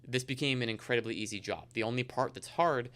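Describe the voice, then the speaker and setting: Brief: man, podcast guest, rapid rambling delivery, smooth crisp voice, lowish pitch. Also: a bit bright. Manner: fast, rambling storyteller with many fillers. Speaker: insurance agent guest. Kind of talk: casual podcast interview.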